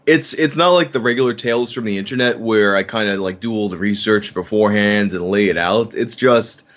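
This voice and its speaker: A man's voice: lowish voice, brisk, a bit bright, muffled recording. A man guesting on a podcast, rambling casually and swearing offhandedly. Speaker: podcast guest, online video maker.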